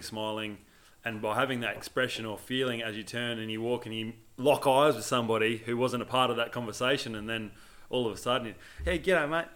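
A man co-hosting a podcast, speaking in long run-on sentences in an animated way. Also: medium pitch. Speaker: podcast co-host. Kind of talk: casual chat.

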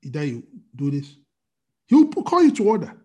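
A man's voice: a little high, wildly swooping pitch, moderate pace, warm tone. A man preaching a sermon as pastor, asking the congregation rhetorical questions.

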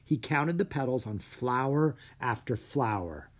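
A narrator reading a children's audiobook with expressive storytelling. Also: medium pitch, unhurried.

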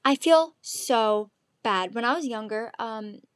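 A woman's voice: fairly high pitch, animated, slow pace, no echo, clean studio sound. A woman in her twenties hosting her own show, chatting alone in a rambling, candid way with lots of ums and likes. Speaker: podcast host. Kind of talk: casual solo chat.

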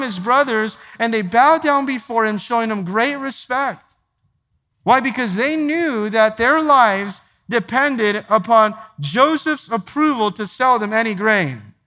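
A pastor preaching a sermon to his church, emphatic, repeating phrases and slowing down to stress key points. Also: very high voice, bright, forceful tone. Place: large church sanctuary. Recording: long hall reverb.

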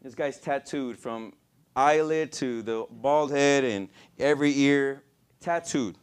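A man's voice: mid-range voice, slow, clear, resonant tone. A man preaching a sermon with passion, telling stories and acting out what people said. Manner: passionate, storytelling with acted-out quotes.

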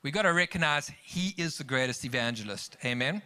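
A pastor preaches an emphatic sermon, weaving scripture together with personal stories he tells the congregation, his exclamations rising as he goes. His voice is a little high, expressive and fairly quick, with a pushed, bright, clean tone.

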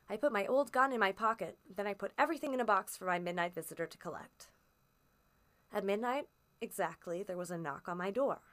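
A woman reading a classic story aloud as a first-person narrator, steady and expressive in emphasis. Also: medium pitch. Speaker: audiobook reader.

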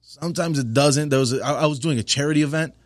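A man's voice: a little high, fast, no room sound. Profane storytelling comedian, a man. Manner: profane, storytelling, laid-back. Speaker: stand-up comedian, podcast guest. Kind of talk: casual podcast chat.

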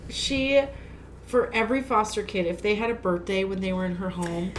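A woman's voice: medium pitch, moderate pace, a little hiss or hum. Chatty woman host adding asides. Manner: chatty, laughing, jumping in with asides. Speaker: podcast host. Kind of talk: casual chat.

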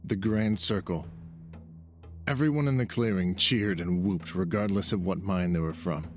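A man reading an audiobook chapter aloud as narrator, in a steady storytelling way. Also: low-pitched, moderate pace. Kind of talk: scripted narration. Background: music.

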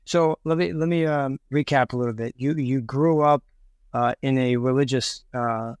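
A man's voice: medium pitch, steady tone, moderate pace, smooth, no room sound, clean studio sound. A man hosting a podcast, asking casual questions in a hesitant way, repeating words. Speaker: podcast host.

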